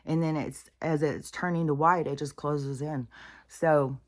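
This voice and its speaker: A woman with a low, deep-set speaking voice rambles through a candid personal vlog. She swears freely and drifts between thoughts, sometimes dropping into a whisper for an aside. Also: steady tone, a little slow. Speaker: vlogger. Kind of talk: casual rambling monologue.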